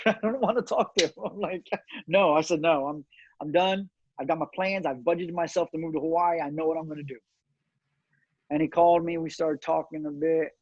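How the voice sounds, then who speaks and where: A man's voice: on the high side, darkish tone, husky, no room sound. Earnest man telling his story, dull audio. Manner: earnest storytelling with many fillers and restarts. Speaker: cigar company owner, guest. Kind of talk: casual interview chat.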